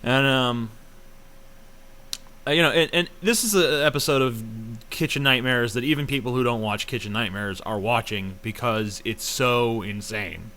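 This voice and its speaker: A man's voice: medium pitch, moderate pace, hardly any pauses, bright, forceful tone. A young man ranting casually in a video review, profane, rambling and sarcastic, full of fillers. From United States.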